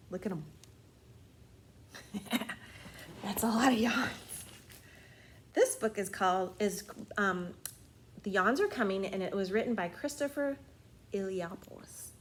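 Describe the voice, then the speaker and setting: A woman librarian reading a bedtime story aloud to children, playful and gentle, often sinking into soft hushed tones. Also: medium pitch, unhurried, pauses often, a little hiss or hum.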